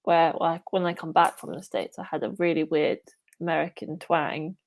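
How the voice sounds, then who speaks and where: A woman's voice: low voice, little pitch movement, moderate pace. An English woman from England, a podcast guest, chatting casually with lots of "yeah" and "like". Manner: chatty, many fillers like "yeah" and "like". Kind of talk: casual interview chat.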